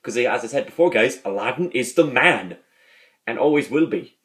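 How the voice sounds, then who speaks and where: A man's voice: medium pitch, expressive, normal speed, fairly bright tone. A man hosting a casual video, rambling as he talks, repeating words and restarting his sentences. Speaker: video host reviewing a sitcom. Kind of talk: casual vlog talk.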